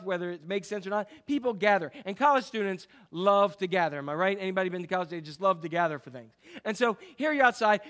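A male pastor, his speaking voice sitting high for a man. He preaches in a loose, chatty way, throwing questions out to the congregation and sometimes bursting into a loud imitation of fire-and-brimstone preaching. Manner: conversational, asks the congregation questions, shouts mimicked preaching. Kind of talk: sermon.

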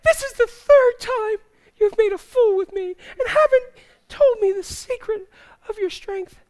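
A man's voice: unhurried, darkish tone. A man putting on a whiny nagging seductress. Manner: whiny, pleading, high falsetto.

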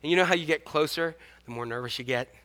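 A man's voice: on the high side, quick pace, sharp tone. A man in his fifties preaching a sermon in a casual, jokey way, restarting often. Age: 50s. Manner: conversational, jokey, many restarts. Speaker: pastor.

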